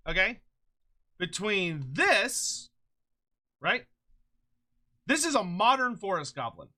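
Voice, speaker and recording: A streamer chatting casually on a live stream, excitable and rambling, swearing freely and laughing often, short on sleep. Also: medium pitch, slow, pauses often. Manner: rambling with frequent restarts.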